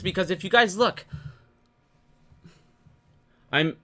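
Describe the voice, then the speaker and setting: Frustrated market commentator, bright edge, swearing, unscripted rant. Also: medium pitch, animated. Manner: heated, profane, fast-talking rant. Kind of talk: unscripted solo rant to viewers.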